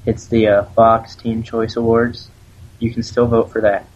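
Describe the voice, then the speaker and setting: A man's voice: mid-range voice, little pitch movement, unhurried, darkish tone. A man co-hosting a casual fan podcast, chatting and joking in a rambling way that trails off. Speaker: podcast co-host. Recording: muffled lo-fi podcast audio.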